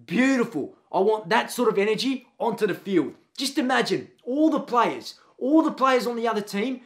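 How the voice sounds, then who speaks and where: A man's voice: extremely high pitch, expressive, moderate pace, pitched above the performer's own voice. A man playing a brash, blunt Australian PE teacher in his forties who calls everyone mate, in a comedy sketch. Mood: gung-ho coaching.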